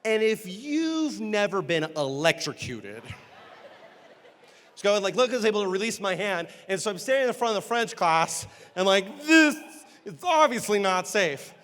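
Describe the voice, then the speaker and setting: A man with a fairly high voice tells a funny story on stage, jumping into character voices and poking fun at himself. The sound carries a long reverb from a large hall. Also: a little hiss or hum. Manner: animated, acts out characters with quick voice changes; self-deprecating comic timing. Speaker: motivational speaker and entertainer. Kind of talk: humorous storytelling keynote.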